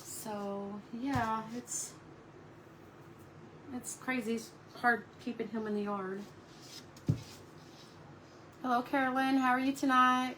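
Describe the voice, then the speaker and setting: A woman with a fairly high voice talks casually on a live stream from home about her painting. She chats easily with viewers and keeps cooing at her dog. A faint background hiss runs underneath. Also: fairly even intonation, slow pace, long pauses. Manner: chatty, coos at her dog between crafting talk.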